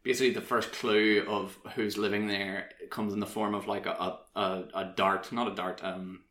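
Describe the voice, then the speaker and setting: A man's voice: lowish voice, level tone, moderate pace, a bit bright. A man rambling through a game story in casual podcast chat, with many fillers. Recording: roomy echo.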